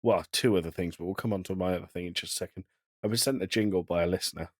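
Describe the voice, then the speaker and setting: Deadpan British podcast co-host. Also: male voice, sits low, racing, slightly rough. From Britain. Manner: deadpan joke-telling. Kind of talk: casual chat.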